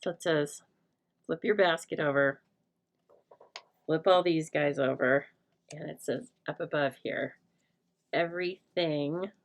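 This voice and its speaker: A middle-aged woman with a voice that sits low talks slowly and pauses often as she demonstrates stamping in a live craft chat. She muses aloud while working and jokes with the people watching.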